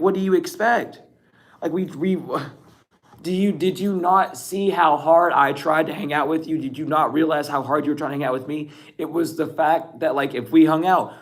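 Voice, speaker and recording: A man giving a casual tarot reading, teasing and laughing often, blunt and profane, with a throat that sounds a bit rough. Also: medium pitch. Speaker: tarot reader.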